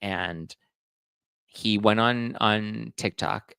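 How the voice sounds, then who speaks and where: A man's voice: on the low side, fairly even intonation, very slow, vocal fry, bright, forceful tone, clean tone, dry recording. A man giving casual celebrity gossip commentary, retelling stories in a chatty way. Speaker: pop culture commentator.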